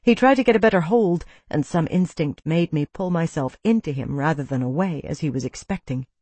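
A woman's voice: low-pitched, a little fast, darkish tone, husky, dry recording. A woman reading a first-person audiobook with tense, vivid storytelling. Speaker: narrator.

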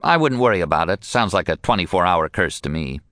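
A man voicing a sleepy, laid-back male witch doctor taking a late-night phone call, in a drowsy deadpan manner. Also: low voice, a little fast, dry recording, clean studio sound.

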